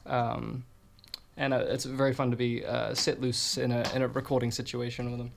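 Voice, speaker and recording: A woman's voice: extremely low pitch, little pitch movement, moderate pace, gravelly, a little hiss or hum. A woman guest on a radio show, chatting casually with stammering restarts and wry asides. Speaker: musician and artist guest. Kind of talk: casual on-air chat.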